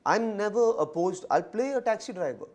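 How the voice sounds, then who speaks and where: A man with an Indian accent answering interview questions in a fast, animated way, switching between English and Hindi. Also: high-pitched. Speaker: actor and comedian guest.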